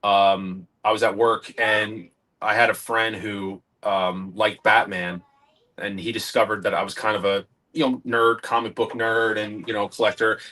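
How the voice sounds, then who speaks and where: A man's voice: lowish voice, unhurried. Chatty man telling collecting stories. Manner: animated storytelling, acts out quoted dialogue. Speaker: guest collector. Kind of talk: casual interview chat.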